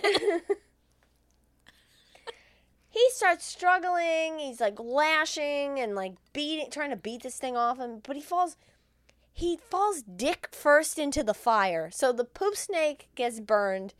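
A woman's voice: sits high, animated, slow pace, dry recording. A woman co-hosting a comedy podcast, recapping a film in crude, laughing chat and acting out the lines.

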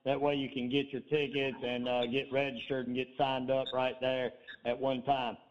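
A man co-hosting an online talk show in a slow drawl with many fillers, on dull lo-fi call audio. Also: medium pitch, flat delivery. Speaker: co-host. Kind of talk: casual talk show chat.

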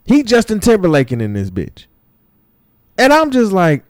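A man hosting an opinion podcast, ranting in an animated, profane way full of slang and mocking asides. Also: fairly high pitch, slow, dry recording, studio quality. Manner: mocks others in put-on voices. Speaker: podcast host.

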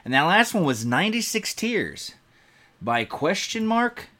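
A man's voice: sits high, very animated, measured pace, pushed and bright. A man hosting a radio music show, chatting casually and rambling easily between songs. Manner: easygoing, chatty, loosely rambling.

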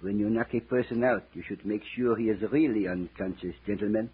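An actor playing a sinister, stiffly formal waiter-henchman in a 1940s radio drama, with a raspy voice and overly polite, menacing manner. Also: fairly low pitch, fairly quick. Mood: coldly polite. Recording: tinny old radio transfer.

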